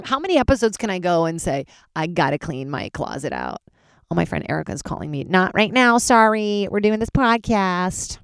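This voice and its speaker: A woman stand-up comedian hosting her own podcast, rambling and swearing in casual chat, jumping into sudden high excited voices. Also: vocal fry, dry recording, studio quality.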